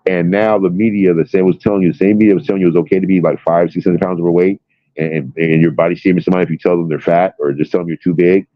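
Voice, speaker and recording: A man's voice: sits low, fairly even intonation, rapid-fire, dry recording. A man in casual chat, talking bluntly and emphatically with a lot of swearing. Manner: blunt, profane, emphatic storytelling. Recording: dull lo-fi audio.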